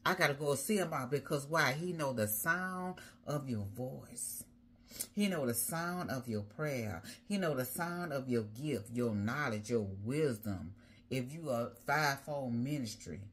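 A woman's voice: extremely low pitch, a little hiss or hum. A woman preaching a sermon as a prophetess, rhythmic and repetitive, building her points through repeated phrases.

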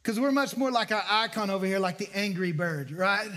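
Man, pastor, high voice, conversational sermon, repeats key lines. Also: animated, a little fast, pushed and bright. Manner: conversational preaching with repeated phrases and rhetorical questions.

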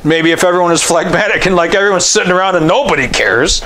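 A man's voice: high-pitched, fast, pushed and bright, slight background noise. A man, a pastor, giving a chatty, joking sermon and often restarting his sentences. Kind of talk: conversational sermon.

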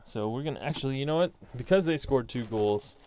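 A man's voice: mid-range voice, animated, brisk, mellow, a little hiss or hum. A young man casually talking through his tabletop soccer simulation, thinking aloud as he reads off dice results. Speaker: tabletop soccer sim host. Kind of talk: casual solo commentary.

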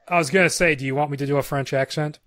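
A man's voice: a little high, steady tone, very fast, fairly bright tone, no room sound, studio quality. A man co-hosting a podcast, chatting casually and reading screenplay narration aloud with stumbles and asides. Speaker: podcast co-host. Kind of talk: casual chat and script read-aloud.

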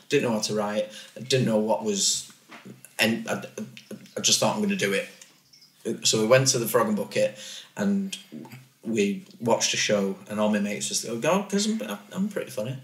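A man who does stand-up comedy, telling a story as a podcast guest in an animated way and laughing often. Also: on the low side, normal speed. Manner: animated, laughs often, slips into quoted voices. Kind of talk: casual storytelling. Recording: echoey room.

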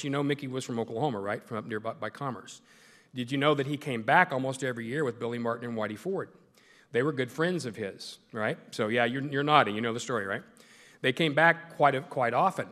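A middle-aged sportscaster, the club's guest speaker, tells folksy jokes in a mid-range, slightly bright voice. The recording comes from a large meeting hall full of long reverb.

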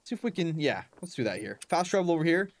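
A man's voice: on the high side, very animated, fast, dry recording. A young man giving casual, chatty commentary while playing a hunting game, laughing often and talking to his in-game dog. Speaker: gaming channel host.

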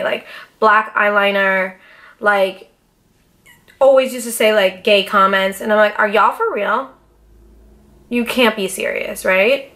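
A young woman hosting a podcast, telling a story in a casual, profane and animated way, with dramatic outbursts. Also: medium pitch. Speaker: podcast host.

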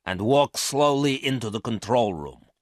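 A man reading a story aloud and voicing a tall, menacing man who gives orders slowly while holding someone at gunpoint. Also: mid-range voice, animated, dry recording, clean studio sound, pitched above the performer's own voice, lightly acted. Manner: slow, cold, threatening.

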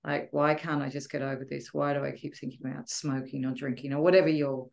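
A woman giving a heartfelt, emotional testimonial about a retreat, often pausing to search for words. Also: very deep voice, little pitch movement, gravelly, darkish tone. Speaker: retreat guest.

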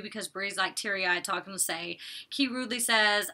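Bright-voiced, chatty young woman vlogger. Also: fairly high pitch, moderate pace. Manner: chatty and opinionated, recaps scenes with quoted lines, curses casually. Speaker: reality show reviewer. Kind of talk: casual recap vlog.

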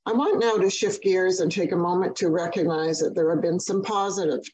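A woman giving a prepared webinar presentation on healthcare quality, speaking in a measured, deliberate way with occasional restarts. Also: lowish voice, fairly even intonation, darkish tone, slightly rough, rough recording.

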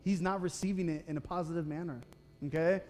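A young man delivers a sermon in a church with a high-pitched voice. He talks in a conversational, self-deprecating way, often checking in with the congregation. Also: fairly even intonation, fast, darkish tone. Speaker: pastor. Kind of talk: sermon with personal storytelling. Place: church sanctuary.

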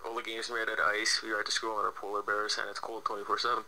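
A young man from Canada, a guest in a casual chat, sarcastic and deadpan. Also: on the low side, fast talker, slight background noise, poor audio.

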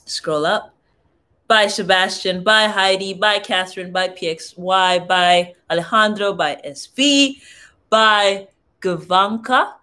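A young woman from Southern Africa chats casually on a livestream. She reads her viewers' comments aloud and tries out phrases from other languages. Her voice sits at an ordinary middle pitch. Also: slow pace, pushed and bright. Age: young adult. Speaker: livestream host.

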